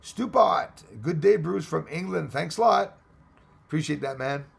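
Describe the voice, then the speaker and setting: A man with a Texan twang hosts a casual live chat, working through viewer comments one after another. His voice carries a gravelly fry, and his talk runs chatty and rambling, with excitable turns. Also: on the high side, unhurried. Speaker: livestream host reading chat.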